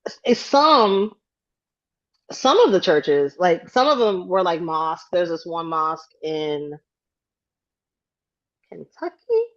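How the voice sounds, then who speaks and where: A woman co-hosting a casual podcast chat, telling a story with lively acted-out quotes and frequent hedging. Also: on the low side, takes it slowly, pauses often, lo-fi sound. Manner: animated storyteller acting out quotes, hedges often. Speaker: podcast co-host.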